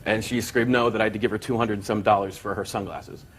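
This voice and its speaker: A man's voice: fairly low pitch, steady tone, quick pace, a little hiss or hum. Rambling man telling his story in court. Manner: rambling storyteller, quoting with gusto. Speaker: plaintiff. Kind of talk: courtroom testimony.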